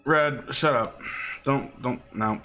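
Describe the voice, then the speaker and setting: A man streaming a game from home, chatting casually and sarcastically with his chat, sometimes jumping into high yelps. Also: takes it slowly, pushed and bright, a little hiss or hum. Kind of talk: casual livestream chat while gaming.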